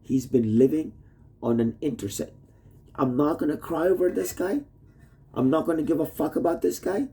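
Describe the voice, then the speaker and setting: With a fairly high, warm voice at normal speed, a man records a casual, wandering video message for his wife on a phone plugged in nearby. He's in a messy rented room at home, cursing heavily and flitting from subject to subject.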